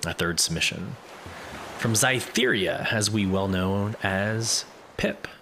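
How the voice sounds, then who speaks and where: Man reading letters, very low voice, measured delivery, noisy backdrop. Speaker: reader of community letters. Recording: steady background noise.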